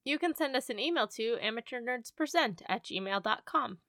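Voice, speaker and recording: Bright, chatty female podcast co-host. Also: fairly high pitch, lively intonation, normal speed, no room sound, studio quality. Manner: chatty, lots of "like" fillers, wry asides. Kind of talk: casual chat.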